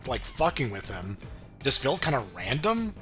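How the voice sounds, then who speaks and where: A man's voice: mid-range voice, big pitch swings, moderate pace, music in the background. A man co-hosting a casual review chat, laid-back, laughing often and swearing casually. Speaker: podcast co-host reviewing a cartoon.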